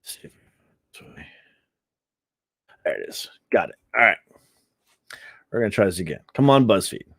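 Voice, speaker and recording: A man's voice: fairly low pitch, big pitch swings, moderate pace, vocal fry, long pauses, fairly bright tone, no room sound. A man hosting a live stream, giving sarcastic, rambling commentary with laughs.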